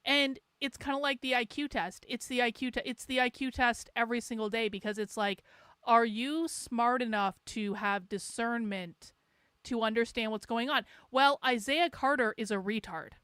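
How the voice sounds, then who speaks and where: A woman's voice: a little high, normal speed, a bit bright, clear, resonant tone, dry recording, clean studio sound. A middle-aged woman hosting her livestream, ranting sarcastically and with lots of swearing in a rambling casual chat. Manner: sarcastic, profane, rambling with laughs. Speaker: livestream host.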